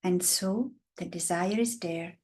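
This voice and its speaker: In a casual interview, a guest who coaches women speaks with passion, slipping into the voices of the women she describes. She's Italian, in her fifties, with an accent to match, and her lowish, darkish voice takes its time.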